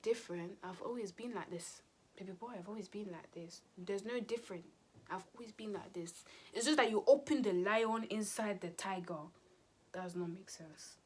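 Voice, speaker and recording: A woman's voice: medium pitch, normal speed, husky. Slangy young woman telling a story. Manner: slangy and animated, acting out quotes. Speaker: vlogger. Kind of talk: casual storytime vlog.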